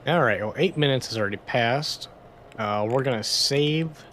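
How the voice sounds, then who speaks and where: A man playing a detective game, casually reading its text aloud and thinking out loud between lines. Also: mid-range voice, normal speed, a little hiss or hum. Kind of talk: let's-play narration.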